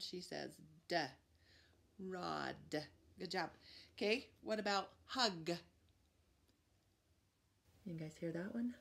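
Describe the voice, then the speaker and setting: A woman's voice: on the low side, vocal fry, fairly bright tone. A woman teaching preschoolers a phonics lesson, upbeat and encouraging, stretching out letter sounds. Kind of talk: phonics lesson for young children.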